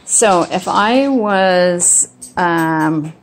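In a casual home video shot on a handheld phone, a woman in her kitchen shows how she trains her dog. Her lowish voice is expressive and she draws out her words, while her chatty, wandering delivery keeps restarting and filling with ums.

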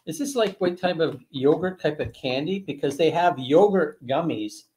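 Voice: mid-range voice, lively intonation, moderate pace, a little mellow, a little hiss or hum. A product review host chatting on a casual livestream, laughing often and reading packaging aloud.

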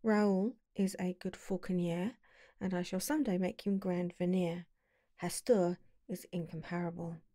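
A woman reading the part of a mysterious young noblewoman falconer, speaking softly and slowly, at times near a whisper. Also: on the low side, fairly even intonation, no room sound, clean studio sound, lightly acted. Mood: gently dignified. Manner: soft, slow and dreamy, sometimes whispering.

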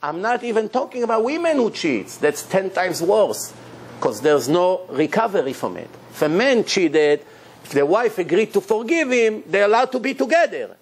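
A man's voice: high voice, sing-song, normal speed, husky. A man who is a rabbi, giving an emphatic sermon full of rhetorical questions, in loose, non-standard English grammar.

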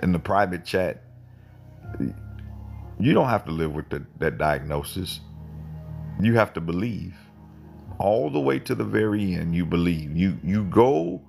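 A man's voice: lowish voice, vocal fry. A man giving an informal livestream Bible teaching, digressing and correcting himself as he fires off rhetorical questions.

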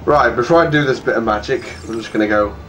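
A man giving casual, playful let's-play commentary, chatty and quick to laugh. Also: mid-range voice, fairly bright tone, slight background noise, poor audio. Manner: chatty, playful, laughs often and puts on silly voices.

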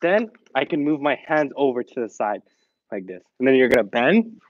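A man's voice: medium pitch, very animated, normal speed, no room sound, dull audio. A man leading an online fitness class, cheering students on and counting reps in English and Korean, a little out of breath. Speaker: fitness instructor. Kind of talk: online exercise class instruction.

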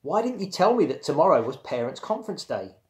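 A man reading aloud, voicing a mother calmly questioning her son. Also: a little high, a little fast, voice pushed up.

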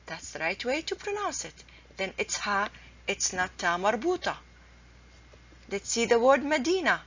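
A woman's voice: fairly high pitch, big pitch swings, sharp tone, slightly rough. Woman teaching. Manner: patient, repeats examples slowly and carefully. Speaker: Arabic teacher. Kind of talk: explanatory language lesson. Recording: dull lo-fi recording.

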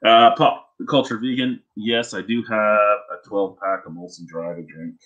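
A man with a fairly low voice chats loosely on a podcast. He rambles through stories, swears freely and restarts his sentences often. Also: fairly even intonation, unhurried, fairly bright tone, lo-fi sound. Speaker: podcast co-host. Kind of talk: casual chat.

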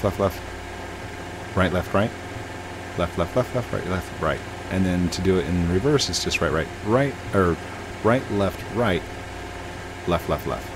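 On his gaming channel, a deep-voiced man gives chatty, rambling gameplay commentary, humming to himself and correcting his own words. Game music plays beneath his voice, with background noise in the mix.

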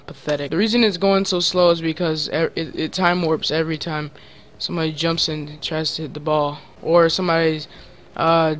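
A man giving excitable gaming commentary, trash-talking his teammates with sudden loud yelps. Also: a little high, slight background noise. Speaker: gaming channel host.

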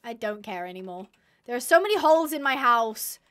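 Excitable high-voiced woman gamer. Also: fairly quick. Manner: excitable, squealing bursts, reads chat aloud. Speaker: live-stream gamer. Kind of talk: casual live-stream chatter while playing.

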